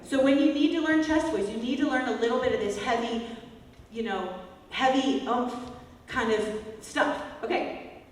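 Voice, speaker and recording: Woman, vocal coach, energetic demonstrations, distant mic, very echoey hall. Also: high-pitched, moderate pace. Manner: energetic, demonstrates loud whiny and bratty exercise calls. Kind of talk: workshop teaching with vocal demonstrations. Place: large echoey hall, workshop. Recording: echoey hall, voice from far off, faint music.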